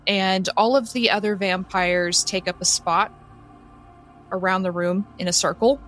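Woman game master, slow measured narration, mid-pitched, faint music behind. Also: steady tone, a bit bright.

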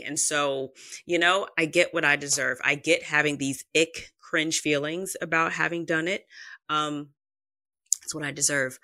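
A woman hosts her own podcast in loose, chatty talk, wandering off on side notes and filling gaps with "um". Her voice is bright and forward, and she swears freely. The recording is close and dry, with no room echo. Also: sits low. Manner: rambling with tangents, frequent fillers and swearing. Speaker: podcast host. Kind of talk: casual solo podcast chat.

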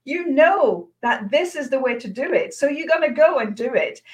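A woman's voice: high-pitched, animated, moderate pace. A woman, an author and course creator, talking enthusiastically and emphatically with many "you know"s in an online interview.

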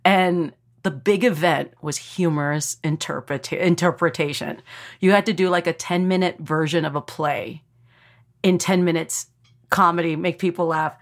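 A woman from Texas, a comedian telling a story in casual podcast chat, animated and full of fillers, acting out quotes. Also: lowish voice, moderate pace. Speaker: comedian guest.

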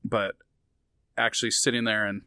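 A man's voice: lowish voice, level tone, moderate pace, sharp tone, smooth, dry recording, clean studio sound. A man who is a comedian, talking in a casual podcast chat, rambling with many fillers and restarts. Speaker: comedian guest.

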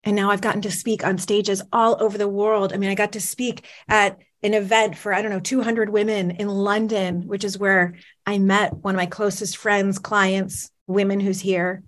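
A woman's voice: medium pitch, little pitch movement, normal speed, hardly any pauses. Dramatic woman motivational speaker. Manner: dramatic storytelling, audience questions. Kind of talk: personal story on stage.

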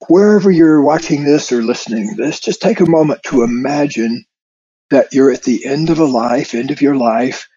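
A man with a dark, mellow voice and a husky, breathy edge tells a personal story on a podcast. He talks in a reflective, unhurried way, with soft chuckles. The recording sounds dull and lo-fi. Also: mid-range voice. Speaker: podcast co-host. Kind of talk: conversational storytelling.

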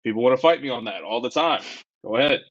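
Man, bright tense voice, opinionated movie chat, quick bursts, dull lo-fi recording. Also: mid-range voice, lively intonation. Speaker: podcast co-host. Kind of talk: casual movie review chat. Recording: dull lo-fi sound.

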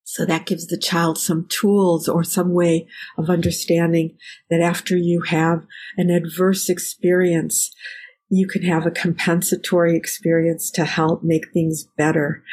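A woman's voice: fairly low pitch, a little mellow, slightly rough, low-quality recording. A woman guest, a researcher, answering interview questions in a thoughtful, explanatory way with examples.

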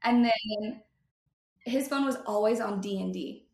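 A woman's voice: mid-range voice, measured pace, darkish tone. A young woman in casual chat, talking in a blunt, profane and emphatic way. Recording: echoey room.

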